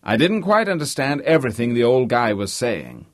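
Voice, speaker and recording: A man's voice: mid-range voice, very animated, normal speed, dry recording, clean studio sound, lightly acted. A man doing an expansive American tycoon. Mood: breezy. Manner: expansive, breezy. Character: brash wealthy American businessman.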